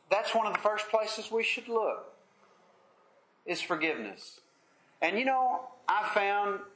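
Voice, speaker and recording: Slow, high-voiced male preacher. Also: bright, forceful tone, roomy sound. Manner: earnest, measured preaching with pauses. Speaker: preacher leading a Bible study. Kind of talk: sermon.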